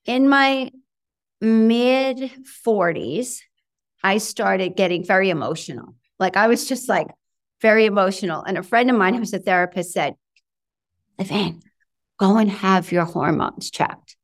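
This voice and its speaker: Chatty, animated woman interview guest. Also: medium pitch, unhurried. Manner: animated, chatty, many fillers and quoted self-talk. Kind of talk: conversational interview.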